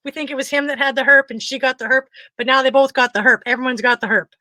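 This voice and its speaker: A woman co-hosting a talk show, telling a funny story in a casual, animated way and acting out what others said. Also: high voice, fast, no room sound. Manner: animated, frequent laughter, acts out quotes. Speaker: podcast co-host.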